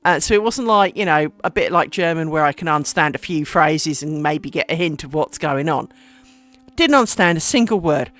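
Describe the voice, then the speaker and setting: A woman's voice: low-pitched, animated, normal speed, a bit bright. A woman chatting casually on a live stream while she makes lace, rambling and self-deprecating, with lots of fillers.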